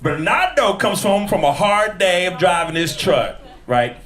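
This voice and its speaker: A male stand-up comedian talking into a stage mic, his pitch rising and falling a lot as he works the crowd and puts on voices for his characters. He takes his time and does not rush. The room rings with echo, and audience laughter runs clearly underneath. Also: expressive, a little slow, a bit bright, recorded from a distance. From Texas. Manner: crowd work, acts out characters in put-on voices. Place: comedy club stage before a live audience. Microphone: handheld stage mic. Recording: roomy club sound with crowd laughter.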